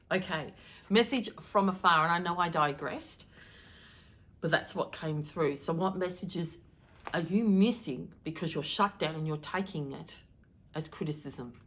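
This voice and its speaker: A middle-aged woman with a slightly low voice gives a channeled daily message, reading cards for her viewers. She talks in an emphatic, animated way and switches her tone on purpose to stir them up. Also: a little hiss or hum. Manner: emphatic, animated, deliberately shifting tone. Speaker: spiritual card reader.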